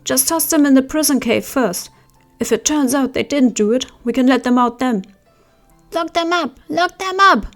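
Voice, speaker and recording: A shrill, furious mob of villagers hurls accusations in high, strained shouts, put on by a woman reading an audiobook. The voices rise sharply and stay loud and accusing. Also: normal speed, faint music behind.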